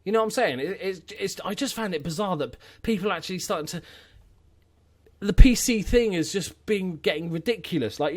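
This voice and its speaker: A young man casually commentating his game, chatty and opinionated with rambling asides. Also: on the high side. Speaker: gaming YouTuber. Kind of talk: let's-play commentary.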